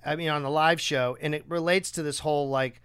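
A man hosting a podcast, chatting casually and acting out quotes with a raised, animated voice. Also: on the high side, a little fast, clear, resonant tone. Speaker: podcast host. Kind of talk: casual conversation.

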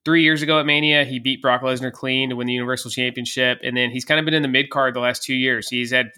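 A man's voice: medium pitch, fairly even intonation, quick pace, bright, forceful tone, clean tone. A man co-hosting a wrestling podcast, chatting casually and steering the conversation. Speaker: podcast co-host. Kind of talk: casual chat.

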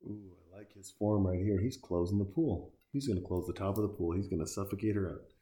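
A man with a very low, mellow voice delivers casual reaction commentary. He is sarcastic and swears freely, talking back at the screen as he watches. His tone stays dark and relaxed throughout. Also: fairly quick.

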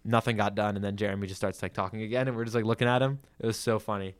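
Young man, from the Philadelphia area, rapid casual podcast talk, clear smooth voice, swears a lot. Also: fairly low pitch, flat delivery. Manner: ranting, swears freely, lots of "like". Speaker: podcast co-host, car salesman.

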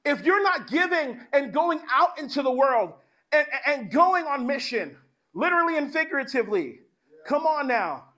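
A man pastor delivering a sermon in an animated, conversational way, mixing in slang. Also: very high voice.

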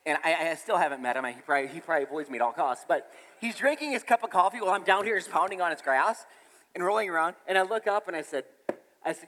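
A man preaching a sermon in a church, animated and storytelling, with laughs and sudden shouts. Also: on the high side, fast, in a large hall, a little hiss or hum. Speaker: pastor.

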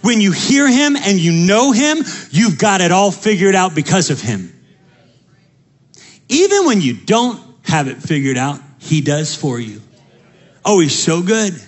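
A young man with a high voice preaches to his congregation. He tells quick, lively personal stories, then rises into fervent appeals. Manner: energetic storytelling, rising to preaching fervor. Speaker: pastor.

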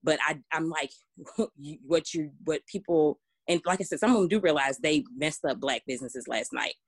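A woman's voice: low voice, normal speed, dry recording. A woman, co-hosting a casual podcast discussion, talking emphatically with many restarts. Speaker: podcast co-host.

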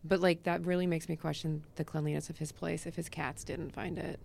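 A woman comedian, a podcast guest, telling crude stories in a deadpan manner. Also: low-pitched, a little fast, creaky, slight background noise. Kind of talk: casual chat.

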